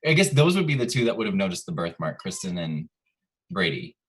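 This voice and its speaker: A man co-hosts a relaxed recap podcast and drops blunt, joking asides. His voice is low but moves a lot in pitch. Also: a little fast. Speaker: podcast co-host. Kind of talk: casual recap chat.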